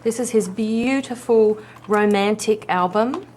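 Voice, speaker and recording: A woman's voice: mid-range voice, a little slow, noisy background. A woman co-hosting a live craft stream, chatty and teasing, asking the guest questions. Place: studio.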